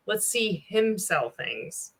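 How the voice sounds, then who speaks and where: A woman's voice: medium pitch, very animated, slow, creaky, a bit bright, breathy edge. Blunt sarcastic woman reacting. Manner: blunt, sarcastic, swears a lot. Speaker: reaction video host.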